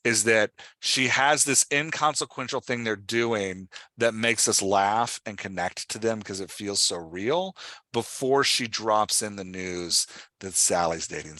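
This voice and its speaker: A man hosting a podcast, explaining with excited, fast-flowing talk in a casual discussion. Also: mid-range voice, no room sound. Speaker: podcast host.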